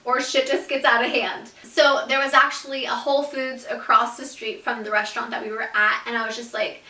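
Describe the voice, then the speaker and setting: A young woman vlogger telling a storytime story, animated and casual, with lots of "like" and some swearing. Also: a little high, a little fast, hardly any pauses, echoey room, far from the mic. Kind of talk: storytime vlog.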